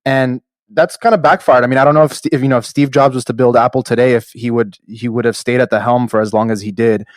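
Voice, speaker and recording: A man's voice: medium pitch, fairly even intonation, fast talker, no echo. A man co-hosting a podcast interview, musing aloud in a hesitant way and letting his sentences trail off. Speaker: podcast co-host.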